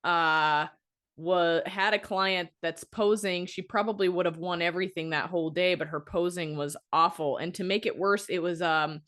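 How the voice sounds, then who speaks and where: A woman hosting a podcast who tells a long story in a casual, rambling way, frank and swearing, lively when she quotes people. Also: on the low side, moderate pace. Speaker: podcast host and fitness coach.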